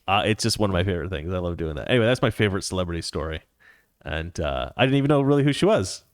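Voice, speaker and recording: A man hosting a talk show, telling an anecdote in a casual, animated way and reading viewer comments, laughing often. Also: mid-range voice, no room sound, clean studio sound. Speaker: podcast host.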